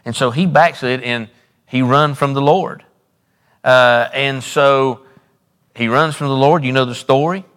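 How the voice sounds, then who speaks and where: In a church sanctuary, a pastor delivers a sermon, his voice ringing out with a long hall echo. Preacherly and repetitive, he swells up and then drops low dramatically. His pitch stays in an ordinary middle range, slightly bright, and he never hurries.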